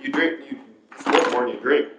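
A man's voice: medium pitch, moderate pace, background noise. A man hosting a casual chat podcast, telling profane, rambling stories. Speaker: podcast host. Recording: roomy, dull lo-fi sound.

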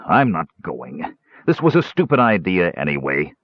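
A surly, washed-up fantasy warrior, voiced by a male narrator, low and gruff, snapping out self-pitying words. The audiobook sound is dry and a bit muffled. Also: big pitch swings, normal speed, dry recording. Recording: dull, dry lo-fi recording.

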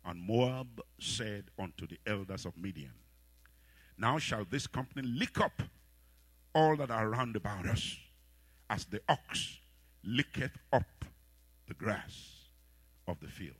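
Male pastor, forceful and bright, dry close mic. He preaches in call-and-response and acts out the characters in his stories. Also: fairly low pitch, takes it slowly, long pauses, husky, dry recording. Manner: rousing preacher leading call-and-response prayer, shouting at peaks; animated storytelling with voiced characters. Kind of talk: sermon.

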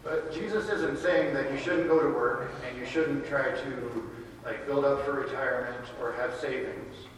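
A pastor talks to children at the front of a church, relaxed and chatty, asking them questions as he goes. He is far from the microphone, so the voice comes through a roomy, long-ringing echo with clear background noise. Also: medium pitch, normal speed. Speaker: pastor giving a children's message. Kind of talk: casual children's sermon. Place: church sanctuary.

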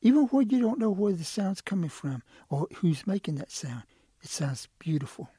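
Worried old turtle guy, a man doing the voice, keeps saying no, mellow and a bit husky. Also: high-pitched, very animated, normal speed, no room sound, voice pushed up, full character voice. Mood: fretful. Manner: fretful, hesitant. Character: old male turtle, cautious and protective.

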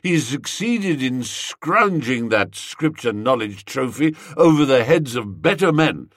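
A man voicing a pompous young gentleman who hands out school prizes in a cold, blustering, accusing manner. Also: mid-range voice, very animated, measured pace, dry recording, clean studio sound.

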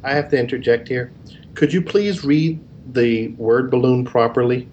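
A man co-hosting a casual podcast, teasing his co-host with a mock-formal, pedantic, deadpan manner. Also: medium pitch, moderate pace, dull audio, a little hiss or hum.

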